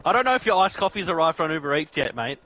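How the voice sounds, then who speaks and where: An Australian man co-hosts a stream, chatting casually over racing commentary in a laid-back way and calling everyone "mate." He talks fast, his slightly high voice bright and forceful, though the recording cuts off the highs.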